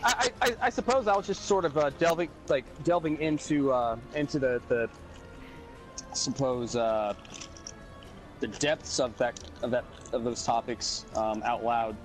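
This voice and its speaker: A man's voice: medium pitch, a little slow, soft background music, poor audio. A man in casual chat, rambling with many restarts, laughing and swearing. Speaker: podcast co-host.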